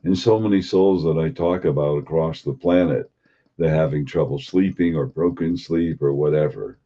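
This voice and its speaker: A man giving an unhurried spiritual talk as a teacher, posing and repeating rhetorical questions. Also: a bass voice, warm tone. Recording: dull lo-fi recording.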